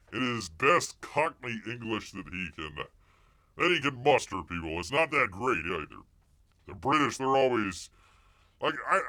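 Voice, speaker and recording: A man's voice: on the low side, sharp tone. A man hosting a casual live stream, rambling and joking as he reacts to the news. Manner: rambling, jokey, wonders aloud and mocks the news. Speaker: live show host.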